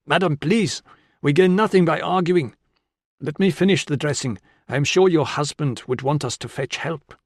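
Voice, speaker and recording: A man's voice: a little high, normal speed, no echo, clean studio sound, voice pushed up. A man doing a fussy, apologetic injured man. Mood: earnest. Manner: formal and apologetic. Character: anxious, apologetic, formal skinny injured man.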